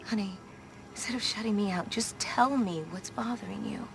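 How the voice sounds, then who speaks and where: A woman's voice: medium pitch, normal speed, vocal fry, faint music behind, close to an everyday voice, poor audio. An actress playing a frustrated mother pleading with her daughter in a TV drama scene. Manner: pleading, exasperated. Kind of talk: TV drama acting.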